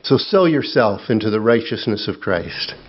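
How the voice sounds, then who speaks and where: A middle-aged man preaching a sermon, slow and earnest, dropping low and quiet when he tells his own story. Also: lively intonation, slight background noise. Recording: dull lo-fi sound.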